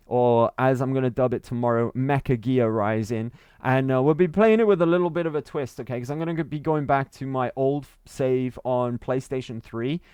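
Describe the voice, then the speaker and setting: A man's voice: medium pitch, darkish tone, clear, resonant tone, no room sound, studio quality. A man streaming a game and chatting casually to his viewers, rambling and repeating himself with frequent chuckles. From Wales. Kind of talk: casual livestream chat to viewers.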